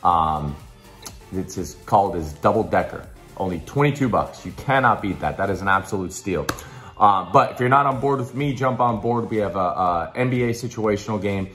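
Deep-voiced hyped man pitching bets. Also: animated, normal speed, a bit bright, faint music behind. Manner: hyped salesman talk with fillers and restarts. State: slightly hoarse. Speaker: sports betting tipster. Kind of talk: casual promotional pitch.

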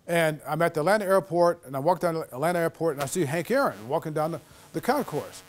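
A man's voice: a little high, lively intonation, quick pace. A middle-aged man giving a storytelling lecture to students as a guest author, acting out quoted dialogue. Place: lecture hall.

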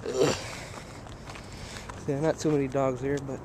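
A man's voice: mid-range voice, flat delivery, measured pace. A young man narrating a casual outdoor vlog while walking his dog to a park. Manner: chatty, narrating a walk, calling to his dog. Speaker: vlogger. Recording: outdoor noise, open air.

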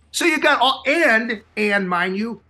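Bright-voiced Chicago man. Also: extremely high pitch, expressive, slow pace, soft background music. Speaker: co-host. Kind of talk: casual movie talk.

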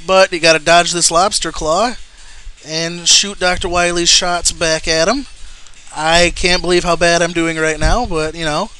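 A man's voice: on the high side, fairly even intonation, unhurried, pushed and bright, smooth. A young man giving casual gameplay commentary, explaining a boss fight and swearing in frustration at the game. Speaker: let's play commentator.

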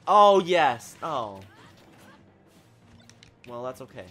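Excitable man yelling over gameplay. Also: fairly high pitch, normal speed, soft background music. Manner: excitable, talks at the game, swings from mutters to shouts. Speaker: gaming channel host. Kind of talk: live gameplay commentary.

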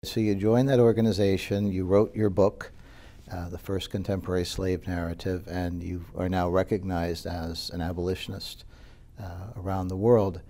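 A man hosting a TV interview, summarizing his guest's story in a measured way. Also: low-pitched, little pitch movement, mellow. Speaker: TV interview host and professor.

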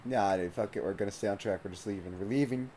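He talks quickly in a warm, fairly low voice, with a bit of noise in the background. It's casual live commentary on a video game he's streaming, peppered with plenty of swearing.

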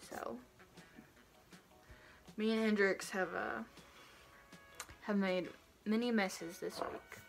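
A woman's voice: mid-range voice, a bit bright. A young woman with a thick Southern country accent chatting casually at home about her day. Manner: chatty, drawling, self-deprecating. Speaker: vlogger. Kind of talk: casual chat.

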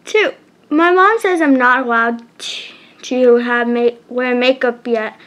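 A woman reading a chapter book aloud, halting and often restarting words. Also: fairly high pitch, fairly bright tone. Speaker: storybook reader.

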